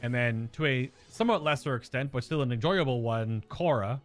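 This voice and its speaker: A man's voice: mid-range voice, animated, brisk. An American man chatting casually while streaming a game, rambling and searching aloud for words. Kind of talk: casual gameplay chat.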